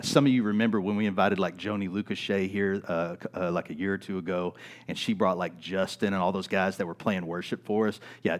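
A middle-aged male pastor preaching in a church, his voice sitting a little low. He tells stories in the sermon, keeps checking in with the congregation, and moves from loud peaks to hushed lines. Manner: storytelling with frequent "right?" asides, swings from loud to quiet.

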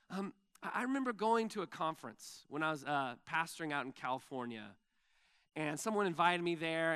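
A pastor delivers a sermon with a high, bright voice. He tells stories in a loose, animated way, full of fillers, and acts out what people said. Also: clear, resonant tone. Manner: animated storytelling with fillers and acted-out quotes.

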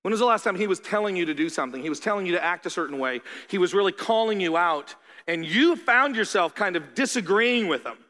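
A man preaching a sermon as a pastor, animated, acting out the voices of his listeners. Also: high-pitched, fast talker. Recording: long hall reverb.

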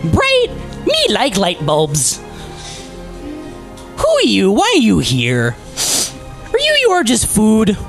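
A man's voice: sits high, huge pitch swings, takes it slowly, vocal fry, pauses often, a bit bright, soft background music, voice pushed up, exaggerated voice. A man voicing a huge, dim-witted male archdemon centaur who talks in broken, simple-minded sentences. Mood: dopey, curious.

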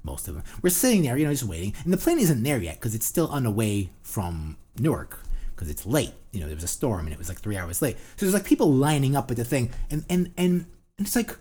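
A man's voice: medium pitch, sing-song, fast, dark tone, breathy edge. A man in his forties from New Jersey with a New Jersey accent, co-hosting a casual podcast, rambling and swearing with lots of fillers. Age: 40s. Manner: rambling, profane, ranting with many fillers. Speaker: podcast co-host. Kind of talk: casual banter.

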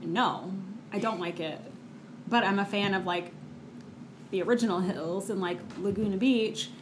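A woman co-hosting a podcast in casual chat, animated and quick to laugh, peppering her talk with "like.". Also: medium pitch. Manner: chatty, animated, laughs often, says "like" a lot. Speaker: podcast co-host. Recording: echoey room with faint noise.

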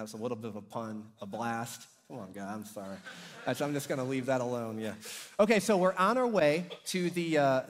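A middle-aged pastor tells stories from the pulpit in a fairly high, bright-edged man's voice. He acts out his characters with energy and raises his voice at the big moments. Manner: animated storyteller, acting out characters and shouting at climaxes. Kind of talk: sermon with storytelling. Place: church hall.

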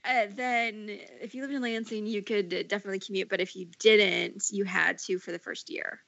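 A woman's voice: mid-range voice, little pitch movement, normal speed, creaky, a bit bright, dry recording. A woman co-hosting a casual podcast about a TV show, rambling with many fillers and restarts. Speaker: podcast co-host. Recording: dull lo-fi sound.

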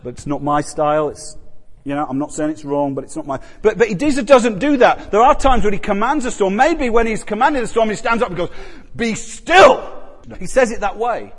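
A man preaching a sermon in a conversational way, repeating phrases for emphasis and swinging between loud, intense passages and quiet ones. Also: high voice, fairly quick. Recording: long reverb of a large hall.

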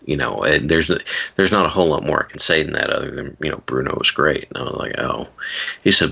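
A man's voice: a bass voice, fast, gravelly, sharp tone, slightly rough. A man telling rambling stories in a casual chat, with wry asides and frequent restarts.

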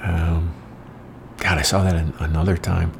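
A man's voice: sits low, flat delivery, a little slow, creaky, a little hiss or hum. A middle-aged man telling casual, rambling anecdotes in a wry, profane manner. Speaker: storyteller.

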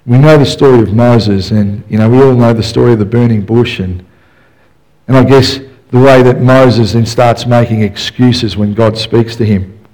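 A man's voice: mid-range voice, steady tone, moderate pace, darkish tone, rough recording. A man preaching a sermon in a casual, joking storyteller's way, full of "you know" asides. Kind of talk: conversational sermon.

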